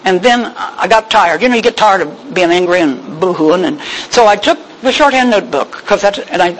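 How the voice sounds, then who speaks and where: A woman's voice: medium pitch, slight background noise, poor audio. Woman, church-event speaker, folksy and emotional testimony, loose and full of fillers. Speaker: speaker at a women's church gathering. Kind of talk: personal testimony talk.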